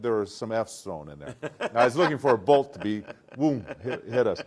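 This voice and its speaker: An older man from Detroit, a retired football player, telling stories in a casual interview, animated and acting out what people said. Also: mid-range voice, fairly quick, few pauses. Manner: animated, acts out quotes, laughs often.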